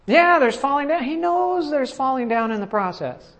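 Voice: medium pitch, sing-song, normal speed, fairly bright tone. Preacher, sermon, conversational storytelling, restarts, questions to the audience.

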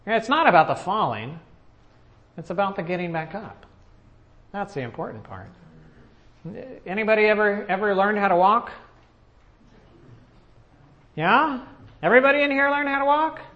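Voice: mid-range voice, a bit bright. Preacher in a sermon: casual storyteller who keeps restarting sentences and quizzes the listeners. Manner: conversational storytelling with frequent restarts; asks the audience questions.

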